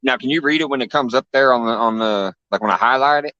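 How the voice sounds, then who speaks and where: A man's voice: mid-range voice, quick pace, bright, forceful tone, smooth, highs cut off. Easygoing man chatting on a livestream. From Illinois. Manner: easygoing, laughs often, reads out chat names. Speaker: livestream host. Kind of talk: casual livestream chat.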